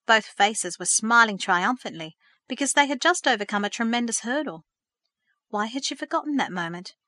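A woman reading a story aloud in a measured, gentle storytelling manner. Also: fairly high pitch, lively intonation, no echo, studio quality. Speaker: narrator. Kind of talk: scripted storybook narration.

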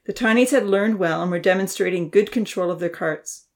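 A woman's voice: medium pitch, a little fast. Woman reading a children's story aloud. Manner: expressive, lively reading. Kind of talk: storybook narration.

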